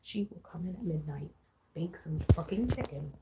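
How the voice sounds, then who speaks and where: A woman's voice: sits low, expressive, normal speed, very noisy. A young woman venting on a casual vlog, frustrated and swearing freely as she mimics her roommate. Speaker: vlogger. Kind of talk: venting to camera.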